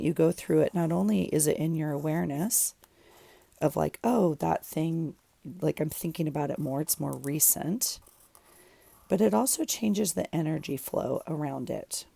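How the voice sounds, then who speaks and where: Deep, gravelly woman chatting while crafting. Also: normal speed, dark tone, dry recording. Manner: rambling, thinks aloud while working. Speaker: journaling vlogger. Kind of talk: casual chat while crafting. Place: home craft room.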